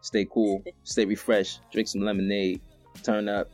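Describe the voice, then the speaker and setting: A man co-hosting a podcast in casual chat, relaxed and teasing, with short interjections. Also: lowish voice, measured pace, soft background music. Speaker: podcast co-host.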